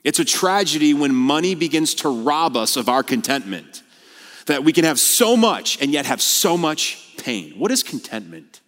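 A man preaching a sermon as a pastor, animated and blunt, mixing scripture with casual slang. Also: on the high side, moderate pace, big-room sound.

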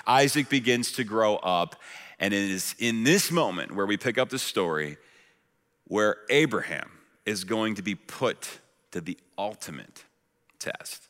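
A man preaching a sermon as a pastor, animated and storytelling, his voice rising loud when he acts out questions. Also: fairly low pitch, measured pace, in a large hall.

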